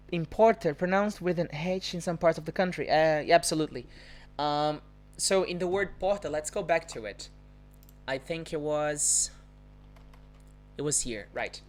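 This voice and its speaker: A woman with a Brazilian Portuguese accent, teaching a live-streamed language lesson, patiently explaining and repeating example words. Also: sits low. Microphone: phone or webcam on a live stream.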